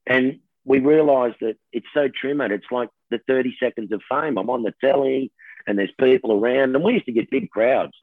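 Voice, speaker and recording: Animated Australian man on a phone line. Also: medium pitch, moderate pace, no echo. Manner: animated storyteller, laughs often, says mate. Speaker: TV host guest. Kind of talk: casual interview chat. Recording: tinny phone line, dry.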